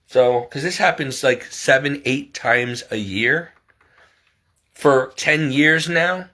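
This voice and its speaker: A man's voice: mid-range voice, slow pace, bright, forceful tone. A middle-aged man telling a story in a casual vlog, rambling and exasperated, repeating himself as he goes. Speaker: vlogger.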